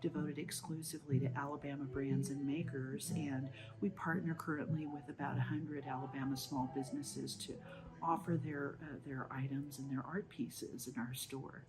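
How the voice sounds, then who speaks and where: A woman's voice: rumbling low, fairly even intonation, moderate pace, poor audio. A composed woman shop owner describing her store.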